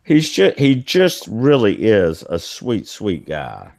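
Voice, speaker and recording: A man hosting a casual group chat, rambling and halting with lots of fillers. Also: lowish voice, wildly swooping pitch, vocal fry, darkish tone.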